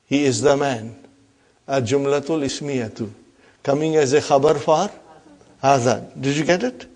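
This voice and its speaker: In a classroom lecture, a man teaches Arabic grammar step by step, repeating key terms and often checking whether the class follows. His mid-range voice is darkish in tone and moves at a moderate pace.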